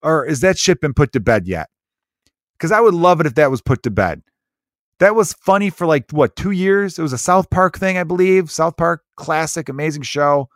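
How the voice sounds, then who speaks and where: A man's voice: on the high side, expressive, normal speed, no room sound, studio quality. A man in his mid-thirties riffing in a casual, sarcastic, profane comedic monologue as a podcast host. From United States. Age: 30s. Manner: rambling, profane, sarcastic storytelling.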